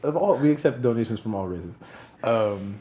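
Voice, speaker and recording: Animated, laughing man co-hosting a podcast. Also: medium pitch, moderate pace, a crowd in the background. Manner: animated storytelling, acts out quotes, laughs often. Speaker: podcast co-host. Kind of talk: casual profane chat. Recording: echoey room, faint noise.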